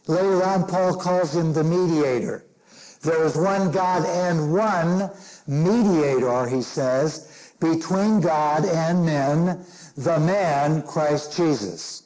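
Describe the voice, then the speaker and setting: A man in his sixties, a minister from Chicago, preaching a sermon slowly and deliberately, leaning hard on key phrases. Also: fairly high pitch, a little mellow, poor audio. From Chicago, Illinois. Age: 60s. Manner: slow, deliberate preaching with emphatic stressed phrases.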